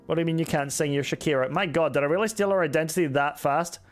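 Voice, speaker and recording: A young man with a Scottish accent chats his way through a live game stream, picking up viewer comments and laughing at himself. His voice sits a touch higher than most men's, with soft music playing faintly underneath. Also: steady tone, fast. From Scotland. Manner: chatty and self-mocking, reads chat messages aloud and answers them. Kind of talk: casual live-stream chat while gaming. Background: faint background music.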